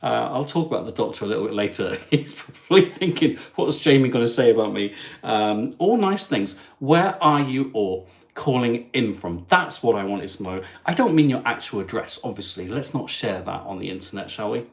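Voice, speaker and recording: A man's voice: medium pitch, lively intonation, normal speed. A man hosting his travel livestream, chatting in a cheeky, jokey way with asides to viewers. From England. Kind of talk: chatty live stream.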